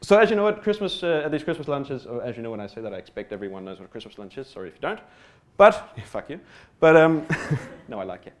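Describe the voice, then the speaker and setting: Sing-song and fast, with few pauses, this mid-range male voice belongs to an Australian giving a stage talk. He tells a funny story about himself in a rambling way, full of fillers and restarts, jokes at his own expense and casual cursing.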